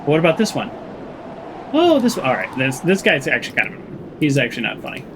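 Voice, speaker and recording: A man's voice: on the high side, wildly swooping pitch, fast, background noise. A man commentating a game playthrough, joking and rambling, and reading the characters' lines aloud in playful voices. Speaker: let's play host.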